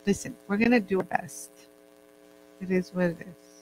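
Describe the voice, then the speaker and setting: A woman's voice: on the low side, normal speed, warm tone, poor audio. A woman teaching jewelry making in a casual, chatty way, joking with her crew as she works. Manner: chatty, jokey, laughs often. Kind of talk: casual demo chat. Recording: faint mains hum.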